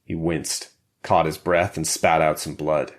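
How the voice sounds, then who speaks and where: A man narrating an action thriller audiobook in a steady, measured way. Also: a bass voice. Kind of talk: scripted narration.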